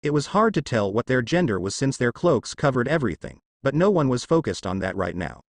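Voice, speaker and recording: Man reading a story aloud with a lively pitch. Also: brisk, dry recording, clean studio sound. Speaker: fan fiction reader. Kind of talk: read-aloud narration.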